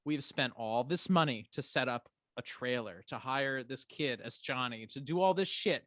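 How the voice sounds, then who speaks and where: A man's voice: medium pitch, moderate pace, no room sound. A man co-hosting a casual rewatch podcast, ranting with energy and swearing often. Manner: animated ranting, swears a lot. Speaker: podcast co-host.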